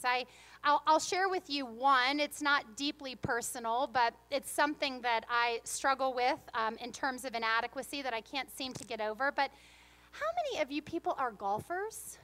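Lady pastor w a high voice, preaching in church, goes from serious and thoughtful to jokey stories. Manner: expressive storyteller, shifts between earnest reflection and playful humor. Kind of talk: sermon. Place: church sanctuary.

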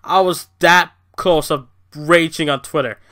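Young man, from Canada, ranting vlogger, profane, animated, somewhat high voice, bright sharp tone. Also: a little slow. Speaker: wrestling review vlogger. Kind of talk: casual rant review.

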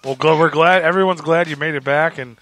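Guy hosting a radio chat, bright tone, stumbles through his questions, faint music under it. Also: a little high, fairly quick. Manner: reactive, rambling, many restarts. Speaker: radio show host. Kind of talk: casual interview chat.

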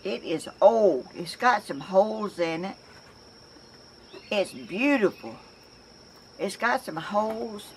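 A woman's voice: medium pitch, expressive, takes it slowly, long pauses, slight background noise. An older woman with a Southern accent, chatting to camera in a rambling, homey way as a crafts vlogger, often restarting her sentences, outdoors at home. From Georgia, US. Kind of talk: casual chat to camera.

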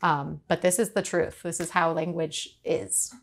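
A woman from Uruguay, a podcast host speaking lively on a panel and quick to laugh. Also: low-pitched. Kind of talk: panel discussion.

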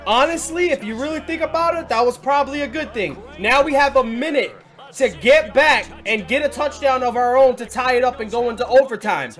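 A young man commentating his football video game play, excitable and frequently swearing and yelling at the players. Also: very high-pitched, fairly quick, soft background music. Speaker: gaming commentator.

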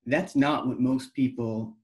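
A man's voice: medium pitch, fairly even intonation, measured pace. A man hosting a podcast, reflecting aloud in long, winding sentences as he responds to his guest. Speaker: podcast host. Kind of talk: conversational interview.

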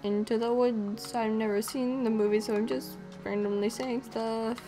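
A woman's voice: a little high, fairly even intonation, moderate pace, music in the background. A young woman chatting playfully while playing a video game, greeting the animals she meets. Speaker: gamer. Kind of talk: casual game commentary.

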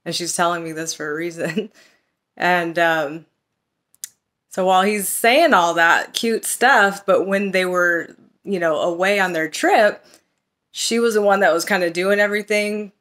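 In a casual talk to camera, a woman who coaches on relationships and self-love tells a chatty story, lifting her voice to act out quoted texts. Her voice is on the low side, a bit bright, and a little slow.

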